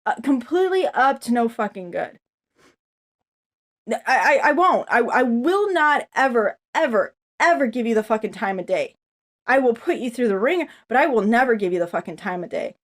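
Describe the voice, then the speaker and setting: A woman's voice: fairly high pitch, very animated, normal speed. A woman ranting angrily to the camera, rambling and swearing constantly as she vents. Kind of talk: angry profane rant to camera.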